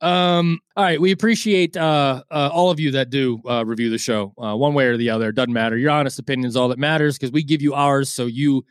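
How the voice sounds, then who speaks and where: A man's voice: medium pitch, fairly even intonation, a little fast, hardly any pauses, clear, resonant tone, dry recording, studio quality. A man co-hosting a boxing podcast in casual, crude, joking banter. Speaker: podcast co-host.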